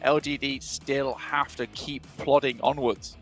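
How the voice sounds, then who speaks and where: A man casting an esports match in a measured, chatty way, with many ums and uhs. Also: medium pitch, steady tone, a bit bright, faint music behind. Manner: measured, conversational, with fillers. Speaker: caster. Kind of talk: esports play-by-play commentary.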